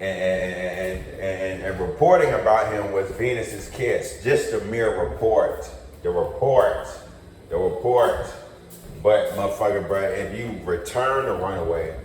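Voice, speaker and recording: A man's voice: on the low side, darkish tone, slight background noise, low-quality recording. A man who reads a passage aloud, then rants angrily with heavy profanity and repetition. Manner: angry, profane, repetitive ranting with frequent "bro" and "motherfucker". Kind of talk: reading aloud then profane ranting monologue.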